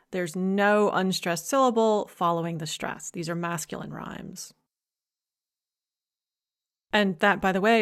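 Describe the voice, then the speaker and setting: A woman giving a recorded lecture, explaining points clearly and stressing key ideas. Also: medium pitch.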